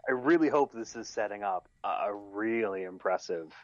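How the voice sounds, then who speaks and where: Podcast co-host: an easygoing man with a lowish voice, on a dry, slightly muffled lo-fi mic. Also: normal speed, dry recording. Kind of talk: casual chat recapping an audio drama.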